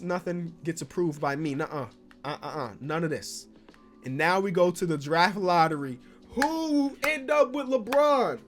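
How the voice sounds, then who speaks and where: A man giving excitable gaming commentary as a basketball YouTuber, now and then bursting into loud shouts. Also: high-pitched.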